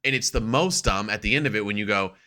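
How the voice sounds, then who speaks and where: A man co-hosting a casual wrestling podcast, talking excitedly with plenty of swearing. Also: lowish voice, fast talker. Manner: excitable, profane, acts out quotes. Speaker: podcast co-host.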